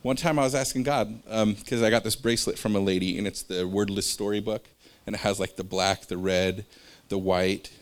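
A man with a lowish voice teaching from faith in a casual, loose way. He keeps drifting into personal stories and says so himself, filling gaps with small hesitations. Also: fairly even intonation, a little fast, few pauses. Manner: rambling, jumps between stories; conversational, with fillers.

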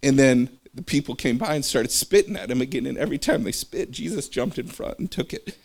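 A man's voice: medium pitch, lively intonation, brisk, gravelly, few pauses, darkish tone. A man giving an informal religious talk, wandering off into personal stories and back in a loose, conversational way. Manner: rambling, jumps between stories; conversational, with fillers.

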